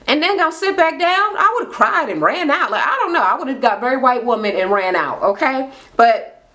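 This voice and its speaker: A high-pitched woman talks through a reality show episode in a casual vlog. She is blunt and chatty, swears freely, and jumps up in pitch to act out what the cast said. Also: animated, normal speed, fairly bright tone. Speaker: reality TV recap YouTuber.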